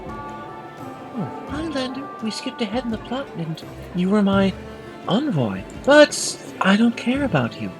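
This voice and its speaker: A man's voice: very high voice, sing-song, a little slow, over music, poor audio. A man hosting a let's play, narrating and commenting on a role-playing game in a playful, theatrical way. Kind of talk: game commentary and reading dialogue aloud.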